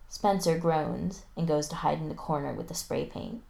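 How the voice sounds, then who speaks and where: A woman narrating a novel aloud, lively, raising her voice for the teenage characters. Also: moderate pace, gravelly. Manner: lively, voices teen boys with raised pitch. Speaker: audiobook narrator.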